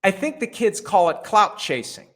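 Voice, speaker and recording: A man's voice: high voice, sing-song, moderate pace. A middle-aged man hosting a sports talk show, giving blunt, sarcastic opinions with casual swearing. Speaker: host.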